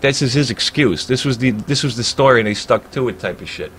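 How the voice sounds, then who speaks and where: A man's voice: mid-range voice, fairly quick, a bit bright, a little hiss or hum. A man, a livestreamer ranting in a heated, profane, rambling way during casual chat. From Staten Island, New York.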